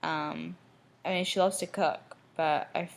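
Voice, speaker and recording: A woman's voice: lowish voice, fairly even intonation, a little slow, vocal fry, low-quality recording. A young woman from Michigan talking in a personal video diary, emotional and rambling, often restarting her sentences. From Michigan, USA. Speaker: vlogger.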